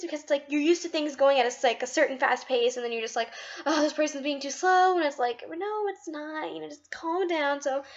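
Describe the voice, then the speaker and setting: A woman's voice: sits high, dull audio. A young woman in a casual vlog monologue, bubbly and rambling, poking fun at herself. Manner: bubbly, rambling, self-deprecating. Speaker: vlogger.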